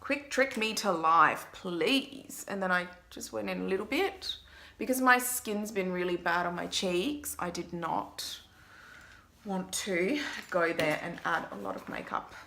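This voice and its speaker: A woman's voice: fairly low pitch, a little slow, creaky, sharp tone. A young woman, a makeup artist, chatting to viewers through a makeup tutorial vlog in a self-mocking way.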